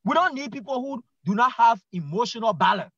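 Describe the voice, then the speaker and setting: A man's voice: very high voice, expressive, brisk, a bit bright, no room sound, highs cut off. A man with a Liberian English accent, a guest commentator on a political talk show, arguing his point emphatically, repeating himself and restarting lines. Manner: emphatic, repetitive argument with stammered restarts.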